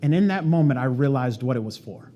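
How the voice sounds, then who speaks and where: Fast-talking man giving a keynote story. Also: medium pitch, lo-fi sound, slight background noise. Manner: casual and animated, heavy on "like" and "right?". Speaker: conference presenter. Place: event stage before an audience.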